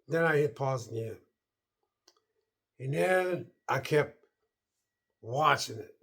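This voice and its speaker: Middle-aged male vlogger with a rough, fry-edged voice; loose, repetitive storytelling. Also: a little high, lively intonation, unhurried, long pauses, a bit bright. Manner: rambling and repetitive, quoting himself. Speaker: vlogger reviewing a movie. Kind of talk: casual rambling monologue.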